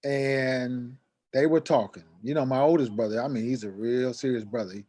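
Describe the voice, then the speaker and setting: Middle-aged male guest, mid-pitched, story-driven delivery, acts out voices, spikes high when agitated. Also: steady tone, moderate pace, warm tone. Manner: acts out quoted dialogue, voice rising sharply when agitated. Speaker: guest telling a personal story. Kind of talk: animated storytelling.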